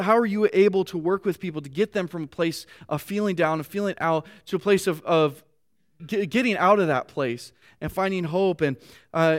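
A male pastor giving an earnest sermon. He reads scripture aloud with feeling and often repeats words while reaching for his thoughts. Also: a little high.

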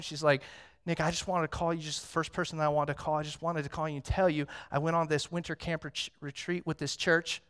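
A man in his thirties preaching a sermon as pastor, talking conversationally and telling stories, moving from hushed reflection to loud excitement. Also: fairly high pitch.

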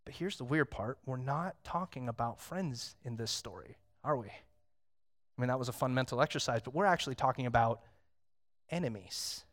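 A man in his thirties preaching a sermon as pastor, talking conversationally and telling stories, moving from hushed reflection to loud excitement. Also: medium pitch, normal speed.

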